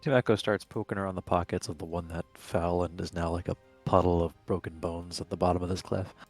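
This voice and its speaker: Fast, gravelly male player. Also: low-pitched, fairly even intonation, faint music behind. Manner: quick, rambling, with restarts. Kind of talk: casual tabletop game play.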